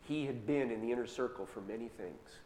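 A man preaching a sermon and retelling scripture in casual modern words, slowing down to stress key phrases. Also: mid-range voice, a little mellow. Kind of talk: sermon storytelling. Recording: echoey hall with long reverb, faint noise.

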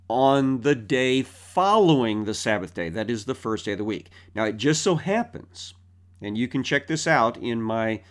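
A man's voice: mid-range voice, animated, normal speed. A man teaching through a Bible passage verse by verse, explaining in a thoughtful way with frequent fillers.

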